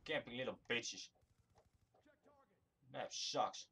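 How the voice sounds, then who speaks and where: A man's voice: medium pitch, slow, vocal fry, sharp tone, slightly rough. A man giving angry gameplay commentary, swearing constantly and ranting at other players. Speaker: gamer recording his own play.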